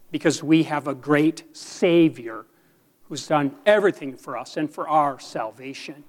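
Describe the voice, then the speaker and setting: A male pastor preaches from the pulpit of a church, slow and earnest. His voice sits a little high for a man, and he lets dramatic pauses hang between phrases. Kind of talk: sermon.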